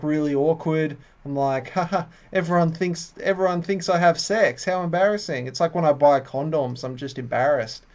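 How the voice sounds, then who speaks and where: A man's voice: a little high, a little mellow. A man, co-hosting a casual podcast in a playful, self-deprecating way. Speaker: podcast co-host.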